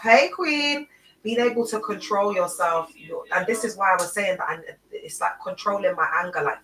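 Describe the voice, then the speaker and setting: Brief: woman livestreamer, rambling casual chat, crisp bright tone, set back from a laptop mic. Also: low voice, far from the mic. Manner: rambling, chatty, answers viewers' comments by name. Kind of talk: casual live-stream chat. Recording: echoey room, voice away from the mic.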